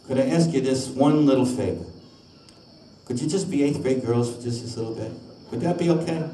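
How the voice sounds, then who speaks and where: Older male stage comic-singer, chatty storyteller, booming hall sound. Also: slight background noise. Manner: chatty, jokey storyteller with a street-corner neighborhood tone. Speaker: oldies singer and comedian. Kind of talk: live concert banter and singing. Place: live concert stage with audience. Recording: echoey live hall, mic from a distance, band playing loud.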